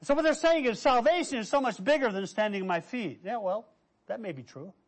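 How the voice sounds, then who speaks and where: A man preaching a sermon, telling stories with lively quoted voices and quiet asides. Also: high-pitched, brisk. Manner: animated, quotes figures in raised voice, drops to quiet asides. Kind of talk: sermon storytelling.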